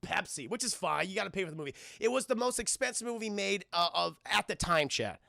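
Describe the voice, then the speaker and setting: Hyped guy ranting about a movie to his chat, swears a lot, high gravelly voice, dead dry room. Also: fast talker, no echo. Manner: excitable, profane, keeps addressing chat. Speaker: film reviewer streaming to chat. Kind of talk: casual livestream film review.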